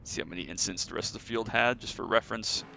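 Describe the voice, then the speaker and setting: A man's voice: lowish voice, quick pace, creaky, bright, forceful tone, a little hiss or hum. A man giving casual, chatty commentary on his own sim race, a little out of breath. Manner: chatty, filler-heavy, self-correcting. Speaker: sim racing streamer.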